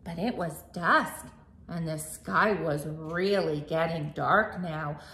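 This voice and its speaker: A woman reading a picture book aloud to children as librarian, animated and singsong, asking them questions, in an echoey room. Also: low voice, slow.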